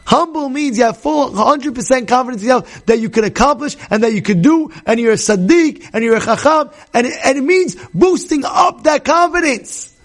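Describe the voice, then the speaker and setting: A man teaching a Torah class, animated, acting out characters and questioning his listeners. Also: extremely high pitch, moderate pace. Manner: animated, acts out characters, asks the audience questions. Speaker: rabbi.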